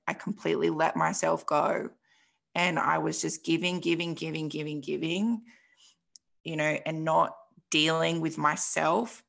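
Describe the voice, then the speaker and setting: A woman's voice: sits low, gravelly, a bit bright. A young woman, a podcast guest telling her story frankly and emotionally, swearing and saying "like" a lot. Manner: emotional, frank, swears freely, says "like" often. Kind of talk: candid personal story in an interview.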